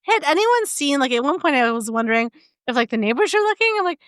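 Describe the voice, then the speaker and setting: A woman's voice: sits high, big pitch swings, fast talker, a bit bright, no room sound, studio quality. A woman co-hosting a podcast, telling chatty stories and laughing often. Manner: giggly storyteller, laughs often. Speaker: podcast co-host. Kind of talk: casual chat. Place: rural home.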